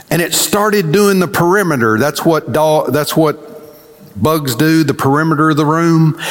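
A man preaching a sermon as pastor, telling stories in an animated, folksy way. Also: a little high, in a large hall.

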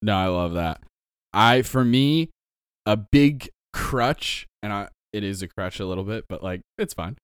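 Smooth low-voiced male podcast host. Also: animated, a little slow, dry recording, studio quality. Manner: chatty, laughs often, advice-giving. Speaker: podcast co-host, game master. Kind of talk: casual podcast chat.

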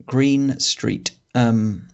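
Gravelly man, dry film podcast talk. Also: medium pitch, fairly even intonation, a little mellow. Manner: dry, sardonic, many ums and pauses. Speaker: podcast co-host reviewing films. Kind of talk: casual film review chat. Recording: dull lo-fi podcast audio.

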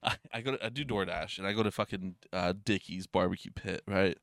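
A man's voice: low-pitched, brisk, creaky, fairly bright tone, no room sound, clean studio sound. A man co-hosting a podcast in casual, rambling chat, full of fillers and swearing.

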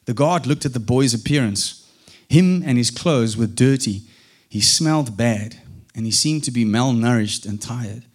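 A man calmly narrating a fairy-tale story, unhurried, with small restarts. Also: mid-range voice, breathy edge.

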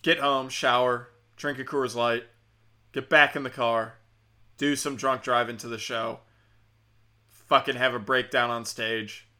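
A man's voice: medium pitch, fairly even intonation, a little slow, pauses often, pushed and bright. A man hosting a podcast, talking in a rambling, profane, sardonic comic monologue. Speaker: podcast host.

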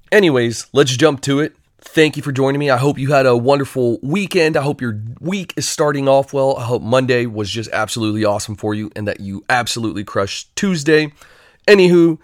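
A man's voice: mid-range voice, no room sound, clean studio sound. A man hosting a casual solo podcast, upbeat and chatty with playful asides. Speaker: podcast host.

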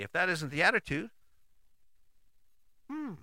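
A man's voice: on the high side, sing-song, moderate pace, sharp tone, no room sound. A man giving a casual motivational talk, folksy and chatty, who often adds "right?" and acts out quoted people in short bits. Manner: often tags sentences with "right?".

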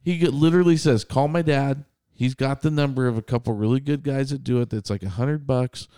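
A man's voice: mid-range voice, fairly even intonation, fairly quick, dark tone, clear, resonant tone, no echo, clean studio sound. A man in his thirties, a podcast co-host and contractor, telling a story in casual chat, quoting others and swearing freely.

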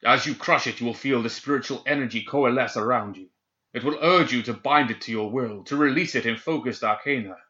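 A man's voice: on the low side, moderate pace, pushed and bright, highs cut off. A man voicing a stern, commanding male necromancer who urgently instructs his apprentice.

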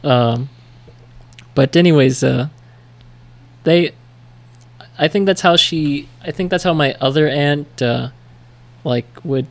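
This is an American man in casual podcast chat, his voice carrying a gravelly rasp. He meanders through anecdotes, pausing on fillers as he hunts for the next word. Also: on the high side. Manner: rambling storyteller, many fillers. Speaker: podcast co-host.

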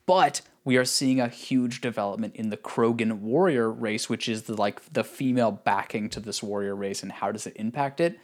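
A man chatting casually about a video game as a podcast co-host, animated and saying "like" a lot. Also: fairly low pitch, moderate pace, few pauses. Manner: animated, says "like" a lot, laughs often. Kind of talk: casual gaming chat.

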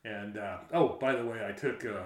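A man telling a story in casual chat, animated, laughing often and acting out the shouted quotes. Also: fairly low pitch, normal speed. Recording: roomy echo.

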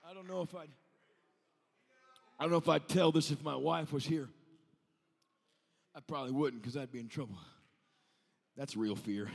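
A male evangelist in his thirties, preaching a revival sermon that moves from telling a story to shouting. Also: medium pitch, long reverb tail.

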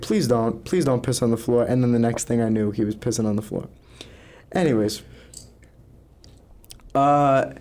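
A young man co-hosting a casual podcast and spinning long, rambling anecdotes. He swears freely and talks at an ordinary, mid-range pitch. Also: a little mellow. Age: young adult. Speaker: podcast co-host.

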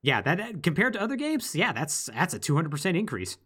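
Animated man recapping a game. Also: a little high, husky. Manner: animated, lively storytelling with quick asides. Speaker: podcast co-host. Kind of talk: casual chat recapping a video game.

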